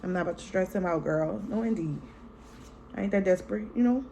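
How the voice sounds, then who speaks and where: Chatting directly to viewers in a casual vlog, this mother recounts a story frankly and profanely, peppering it with "y'all" and "girl" and reenacting moments vividly. She speaks fairly quickly in a lowish, mellow voice, with a little hiss or hum in the audio.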